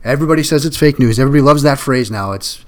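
A man's voice: mid-range voice, racing. A man hosting a solo sports podcast, talking in a conversational, emphatic way and repeating words when he stresses a point. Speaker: podcast host.

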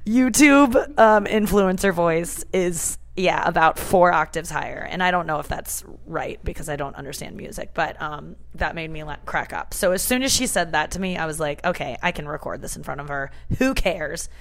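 A woman comedian and radio host with a low, creaky voice that's a bit bright talks fairly quickly with hardly any pauses. She hosts a casual podcast, chatty and rambling with plenty of fillers. It's recorded on the go in a hair salon's back room using a portable setup, not a studio.

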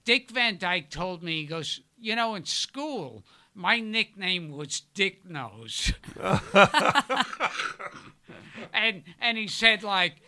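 Casting: older man, podcast guest, slow, halting storyteller with a bright, sharp voice. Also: high voice, sing-song. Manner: halting, rambling stories with loud bursts of laughter. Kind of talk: casual storytelling chat.

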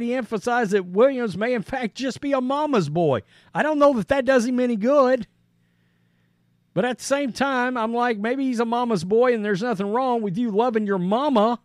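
A man's voice: very high-pitched, dry recording, studio quality. A male podcast host giving blunt, conversational sports commentary, reading out quotes and then reacting to them.

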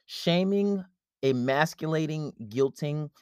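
A man's voice: a little high, takes it slowly, smooth, no echo, clean studio sound. A man hosting a podcast, giving blunt, casual relationship advice and acting out bits of quoted dialogue. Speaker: podcast host.

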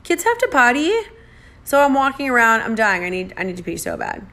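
A woman's voice: fairly high pitch, sing-song, brisk, gravelly, pushed and bright. A woman from the United States casually telling a chatty, self-deprecating travel story and acting out the dialogue.

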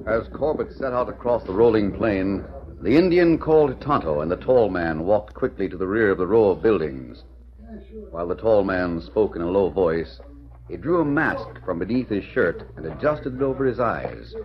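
A man narrates a 1940s radio western with dramatic storytelling. His voice sits a little low and moves expressively. Faint music plays under a dull lo-fi recording. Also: lively intonation, normal speed, a little hiss or hum. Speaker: announcer narrator.

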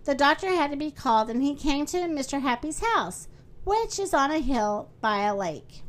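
A woman hosting a children's story podcast, reading aloud in a friendly, animated way. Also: sits high, moderate pace.

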